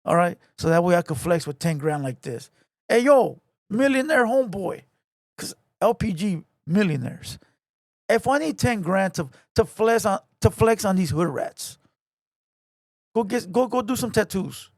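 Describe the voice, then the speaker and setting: A man's voice: high-pitched, animated, moderate pace, dry recording, clean studio sound. A man ranting to camera, taunting and repeating himself in a confrontational way. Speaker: online commentator. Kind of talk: heated rant to camera. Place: home garage.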